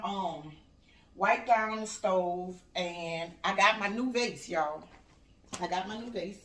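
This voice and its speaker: An older woman, talking casually in her home kitchen in a home decor vlog and telling stories in an animated way. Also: mid-range voice, recorded from a distance. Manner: animated storytelling, acts out the voices of her family and laughs. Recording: echoey room, voice off-mic.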